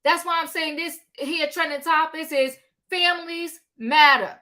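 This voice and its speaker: A woman with a high, bright voice hosts a live-stream talk show. She talks in a casual, animated way, calling out to viewers and drawing out her exclamations. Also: a little slow. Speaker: livestream host.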